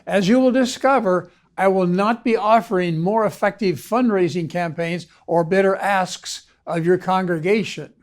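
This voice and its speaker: A man, a ministry consultant, reading a scripted video lecture in a measured, formal way. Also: high voice. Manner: measured, formal read-aloud delivery. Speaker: ministry consultant and course instructor.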